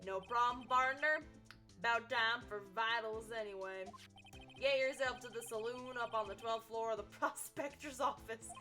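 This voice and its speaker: A woman voicing a gruff, territorial middle-aged male cowboy sheriff, with a folksy Western drawl. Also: on the high side, normal speed, pushed and bright, faint music behind.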